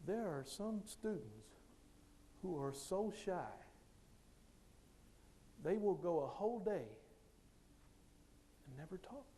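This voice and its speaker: A man's voice: high voice, slow, pauses often, a little hiss or hum. A man who coaches, giving a motivational speech to teachers and acting out the dialogue in his stories. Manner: animated storyteller who acts out dialogue.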